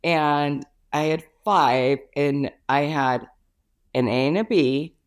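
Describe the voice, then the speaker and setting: A young woman, a podcast guest, chatting casually over a remote call and telling her story with animated, acted-out quotes. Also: deep voice, slow, clean tone. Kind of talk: casual chat.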